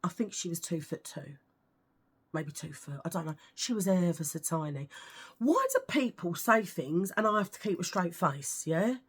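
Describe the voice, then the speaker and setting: A woman's voice: on the low side, lively intonation, normal speed, husky. Chatty British woman ranting to camera. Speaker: vlogger. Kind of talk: casual storytelling to camera.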